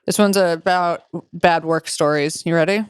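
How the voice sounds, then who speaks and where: Smooth-voiced young woman, podcast co-host. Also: lowish voice, steady tone, normal speed, no echo, clean studio sound. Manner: profane, laughs while reading stories aloud. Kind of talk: casual podcast chat.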